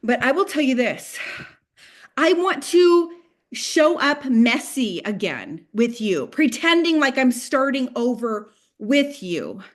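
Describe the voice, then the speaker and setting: A woman leading a network marketing team call, energetic and pep-talking, dropping to a hush and then swinging loud as she acts out what people said. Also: sits high, slow pace.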